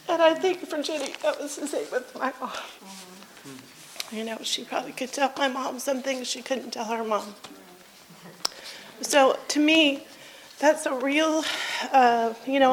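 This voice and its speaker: A woman speaks very slowly and gently as she remembers a friend. Her voice sits a touch high and drifts through long, searching pauses. A faint noise lies under the recording. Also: rough recording. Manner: slow and reflective, with many pauses and fillers. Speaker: church member giving a eulogy. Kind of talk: halting memorial tribute.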